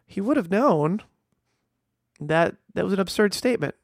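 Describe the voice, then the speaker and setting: A man's voice: high voice, expressive, normal speed, no room sound, studio quality. A middle-aged man, a veterinarian, talking casually and earnestly, stressing points with restarts and fillers. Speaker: veterinarian and podcast host. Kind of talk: casual monologue.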